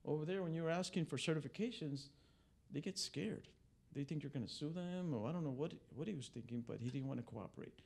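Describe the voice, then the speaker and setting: This man's voice is on the high side yet darkish and creaky, and he talks briskly. He's an immigration attorney briefing reporters at a press club, telling it like a story with plenty of fillers and restarts.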